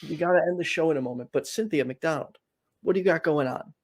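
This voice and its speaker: A man's voice: fairly high pitch, fast. A man hosting a call-in show, laid-back and casual in his talk. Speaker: host.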